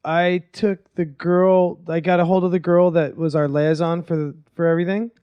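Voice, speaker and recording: A high-pitched man talks in a dry, close recording with no room echo. He chats casually on a podcast, explaining himself hesitantly and defensively. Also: flat delivery, moderate pace, clear, resonant tone, dull audio. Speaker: podcast co-host.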